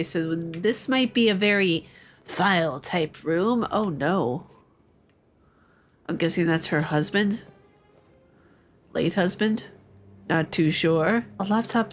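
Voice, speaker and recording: A young woman hosting a let's-play, chatting playfully with her viewers as she plays. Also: medium pitch. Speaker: gaming channel host. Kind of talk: casual let's-play commentary.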